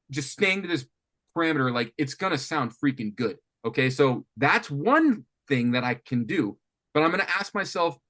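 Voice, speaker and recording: A man coaching a student on writing guitar riffs, thinking aloud with lots of restarts and animated talk. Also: fairly high pitch. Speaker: music coach. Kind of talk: teaching songwriting on a call. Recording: faint guitar music behind.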